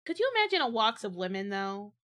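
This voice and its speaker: Bright, playful woman streamer. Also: medium pitch, sing-song, fast. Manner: playful, rambling, silly bits. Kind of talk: casual livestream watch-along chat.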